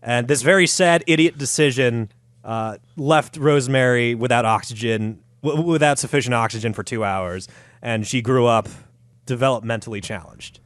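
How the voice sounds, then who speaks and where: A man's voice: medium pitch, moderate pace, fairly bright tone, no echo. Man, comedy podcast host, profane and joking, dry close mic. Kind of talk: casual comedic podcast chat.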